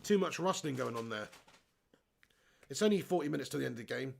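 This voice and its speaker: A man's voice: medium pitch, lively intonation, fast talker, creaky. A man hosting a live football watch-along, joking, swearing and reading chat aloud. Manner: jokey, swears, laughs often, reads chat aloud. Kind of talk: casual live match commentary and chat.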